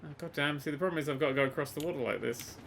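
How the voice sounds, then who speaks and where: A man giving casual let's-play commentary, excitable and sweary, swinging from quiet mutters to loud exclamations. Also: on the high side, racing, gravelly, background noise. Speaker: gaming YouTuber.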